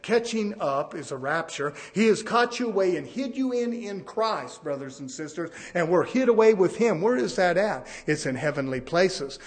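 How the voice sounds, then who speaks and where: A high-pitched male preacher delivers a fervent sermon. He swings from quiet asides to loud, emphatic peaks, calling out to his congregation as he goes. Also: expressive, moderate pace, few pauses. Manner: emphatic preaching with sudden rises in pitch and loudness; peppers lines with "amen" and "brothers and sisters".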